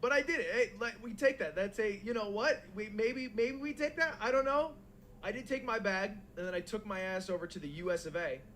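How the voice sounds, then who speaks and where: A man telling a long anecdote in casual chat, animated and laughing as he goes. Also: sits high, fairly quick, slight background noise. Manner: animated, laughing, with quoted voices. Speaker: podcast co-host.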